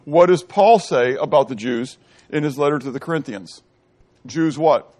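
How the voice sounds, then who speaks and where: A middle-aged man preaching a sermon, asking the congregation questions and answering them himself, moving between loud and quiet delivery. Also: on the high side, normal speed. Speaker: pastor. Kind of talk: sermon teaching.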